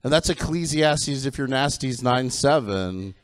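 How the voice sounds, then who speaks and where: A man's voice: medium pitch, lively intonation, a little slow. A middle-aged man performing a stand-up comedy set on a theatre stage, campy and self-deprecating, with punchy lines and frequent giggles.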